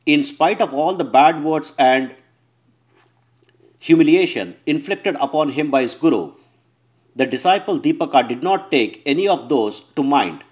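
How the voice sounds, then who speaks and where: A man with a somewhat high voice reads a devotional scripture translation verse by verse. He calls out each verse number and keeps a measured, even delivery, now and then fixing a slipped word. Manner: measured, announces verse numbers, occasional self-corrections.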